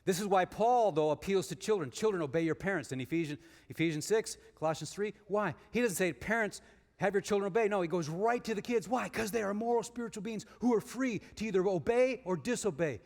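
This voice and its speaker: A man giving a sermon as guest speaker, moving between emphatic rises and hushed storytelling. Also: sits high, fairly quick. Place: church sanctuary. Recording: long reverb of a large hall.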